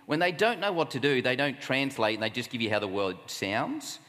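Animated Australian man preaching in a hall. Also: mid-range voice, a little fast. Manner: animated, conversational preaching with rhetorical questions. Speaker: camp speaker. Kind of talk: sermon. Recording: long hall reverb.

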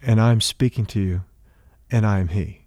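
Calm patient Jesus, a male preacher retelling him, warm low tone, dry sound. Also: normal speed, no room sound, natural voice. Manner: plain conversational retelling with everyday words.

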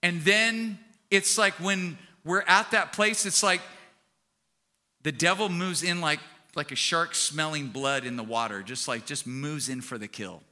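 A man's voice: a little high, a little slow, bright, forceful tone. A male pastor giving a conversational sermon, telling a story and acting out quotes.

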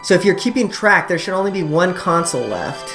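A woman hosting a quiz segment on a podcast. Her voice sits on the low side, and she is playful and quick to laugh. Game music plays clearly under her. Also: very animated. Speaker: podcast co-host running a quiz. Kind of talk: casual chat.

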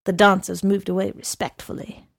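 A woman narrating a novel aloud in a measured, even manner. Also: mid-range voice, vocal fry, dry recording, clean studio sound. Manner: measured, unhurried reading.

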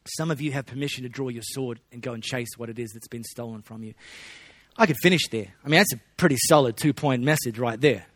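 A man preaching a sermon in a relaxed, conversational way, with joking asides to the congregation. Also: mid-range voice, fast talker, no echo. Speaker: pastor.

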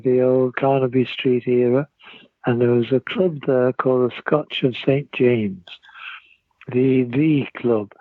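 An older man with a Liverpool accent telling rambling, lively anecdotes as an interview guest, over a tinny phone line. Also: mid-range voice, dry recording. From Liverpool, England. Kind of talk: anecdotal storytelling.

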